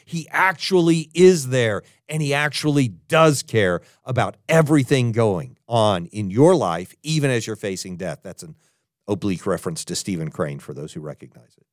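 A man preaching a podcast sermon in an earnest tone, moving between emphatic and hushed. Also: lowish voice, lively intonation, moderate pace, dry recording, studio quality. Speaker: pastor.

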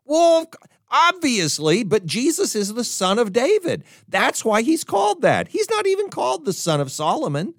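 A man preaching a sermon, emphatic and animated, often stumbling and restarting his words. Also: very high-pitched, moderate pace, vocal fry, dry recording, studio quality. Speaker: pastor.

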